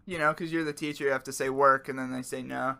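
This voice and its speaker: A man's voice: mid-range voice, fairly even intonation, quick pace, vocal fry, pushed and bright. A man co-hosting a casual podcast, joking around and talking with his mouth full. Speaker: podcast co-host. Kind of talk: casual chat while eating.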